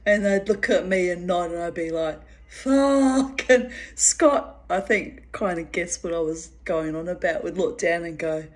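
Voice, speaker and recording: A woman telling a personal story out loud, loose and casual, with plenty of laughter and swearing. Her voice sits at an ordinary middle pitch, and she talks like she is sharing a wild night out with friends. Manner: lively, laughs while telling, swears freely.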